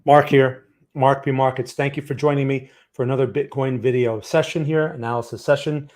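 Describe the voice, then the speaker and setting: Chatty New York trading streamer. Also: male voice, mid-range voice, fairly even intonation, brisk, darkish tone. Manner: chatty, greets viewers by name. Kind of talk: casual livestream market talk.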